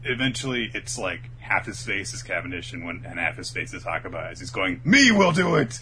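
Animated man retelling a story. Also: sits low, fairly quick, background noise. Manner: animated storytelling, acts out the characters' lines in raised voices. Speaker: podcast co-host recapping an anime. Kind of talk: casual chat.

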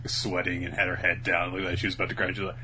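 A man's voice: deep voice, monotone, quick pace. A man dropping wry, joking asides in a casual podcast chat. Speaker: podcast co-host. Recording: noisy background.

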